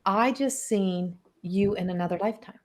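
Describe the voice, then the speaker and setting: A woman hosting a spiritual coaching podcast, telling stories in an animated, chatty way with lots of filler words. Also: medium pitch, normal speed. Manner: animated storytelling, heavy use of "like". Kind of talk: casual podcast conversation.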